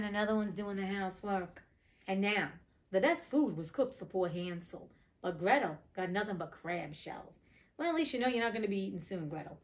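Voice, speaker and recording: A woman hosts a reading of a classic fairy tale and keeps stopping to joke about the story. Her voice sits at a middling pitch, and her delivery moves between careful reading and casual chat. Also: a little mellow. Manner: joking, chatty commentary between read passages. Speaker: audiobook reader.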